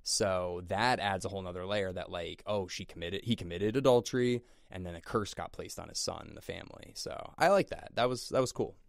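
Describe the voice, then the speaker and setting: Low-voiced man rambling about a movie. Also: a little fast, gravelly, few pauses, dry recording, clean studio sound. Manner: rambling, many fillers and restarts. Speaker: podcast co-host. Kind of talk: casual movie review chat.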